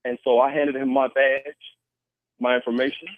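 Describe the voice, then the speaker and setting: A man's voice: medium pitch, flat delivery, moderate pace, dry recording. A man on a call-in show telling a personal story in an earnest way, with restarts and acted quotes. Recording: tinny phone line, dry.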